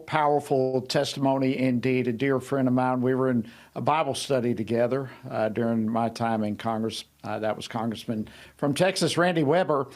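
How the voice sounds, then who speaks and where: A man hosting a talk show, wrapping up a segment and promoting an app in a warm promotional way. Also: mid-range voice. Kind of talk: broadcast host wrap-up.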